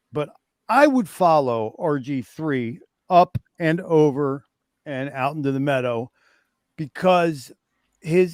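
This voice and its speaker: A man's voice: on the high side, no room sound, clean studio sound. A man in his fifties talking candidly as a guest on a livestream, emphatic and profane as he rallies the listeners. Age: 50s. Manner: emphatic and profane, rallying talk. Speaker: stream guest.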